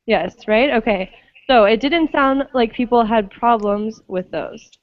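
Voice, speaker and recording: Slow, patient woman teaching pronunciation. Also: on the high side, dry recording, highs cut off. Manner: slow, patient, checks understanding often. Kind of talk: online class instruction.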